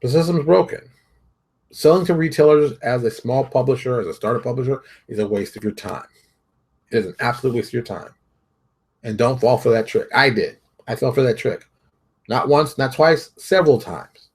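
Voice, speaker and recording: A man's voice: mid-range voice, normal speed, a little mellow, slightly rough. A man hosting a solo opinion show, talking emphatically, repeating his points and restarting sentences as he goes. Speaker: host and game publisher.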